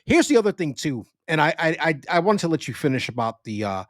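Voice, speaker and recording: A man hosting a podcast, talking in an animated way with laughs and swearing. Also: a little high, fast, no room sound. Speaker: podcast host. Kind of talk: casual chat.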